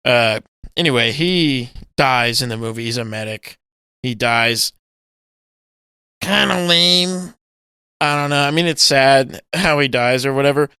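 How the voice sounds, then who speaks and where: A man co-hosting a casual podcast, recounting scenes with a lot of swearing and sudden acted-out yells. His voice is bright and crisp. It sounds close and dry, with no room around it. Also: mid-range voice, unhurried, no room sound. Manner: animated storytelling, swearing, loud acted-out yells. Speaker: podcast co-host. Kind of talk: casual chat.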